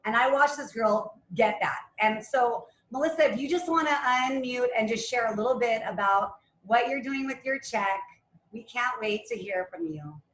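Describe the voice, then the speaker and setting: A woman's voice: a little high, normal speed, reverberant, low-quality recording. A woman leading a team call, chatty and full of praise for her team. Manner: warm praise, chatty with fillers. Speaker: call leader.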